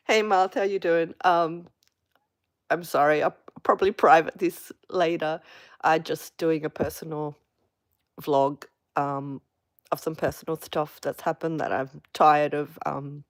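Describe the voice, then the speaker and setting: A woman with a low voice vents frankly in a casual live personal vlog. She talks slowly and haltingly, with many fillers and restarts. The sound is dry and close. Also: steady tone, no room sound. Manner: frank, venting. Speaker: vlogger on a live stream.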